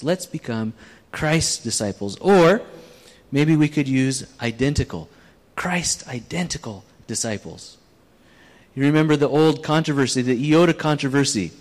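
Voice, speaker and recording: A man preaching a sermon to a live congregation, in a conversational, plain-spoken way with frequent restarts. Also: mid-range voice. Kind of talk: sermon with audience exercise. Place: church hall with audience. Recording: long hall reverb.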